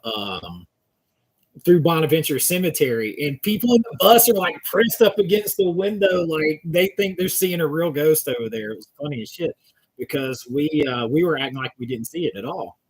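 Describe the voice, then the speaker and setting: A husky-voiced man from Georgia in the US South hosts a casual livestream, his pitch a little high, his delivery expressive and moderately paced. He rambles chattily while answering live chat and reading viewers' comments aloud.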